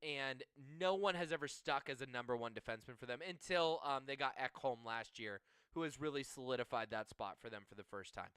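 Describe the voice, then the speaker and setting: Man, bright tense tone, smooth clear voice, dry close sound, profane storyteller. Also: medium pitch, fairly quick, hardly any pauses, no room sound. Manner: profane, storytelling, laughs often. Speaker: podcast co-host. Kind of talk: casual sports chat.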